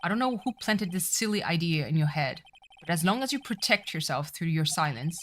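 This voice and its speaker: A woman's voice: lowish voice, expressive, fairly quick, fairly bright tone, slight background noise. A woman streamer reading a courtroom game's script aloud, doing every character in turn and dropping swearing asides of her own. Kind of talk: voicing a game's script, reading all parts. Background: faint music.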